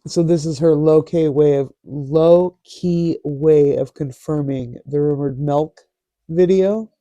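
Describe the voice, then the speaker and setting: Man, sarcastic commentary host, slow-talking, dry close sound. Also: a little high, fairly even intonation, mellow, dry recording. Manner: sarcastic, mocking. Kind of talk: casual commentary reading posts aloud.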